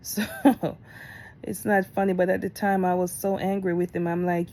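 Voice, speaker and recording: A middle-aged woman talking candidly in a storytime vlog, getting animated as she retells events. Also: fairly low pitch, moderate pace. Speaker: vlogger.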